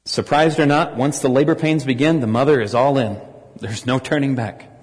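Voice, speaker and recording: An American man preaching a sermon, earnest and rising to forceful emphasis. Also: medium pitch, steady tone, normal speed, in a large hall, poor audio. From United States.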